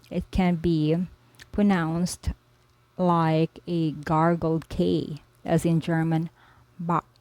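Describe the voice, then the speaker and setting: A woman tutors a spoken language lesson, patiently explaining each letter and repeating every example word several times. Her voice is lowish and warm, with no room sound, though the recording quality is low.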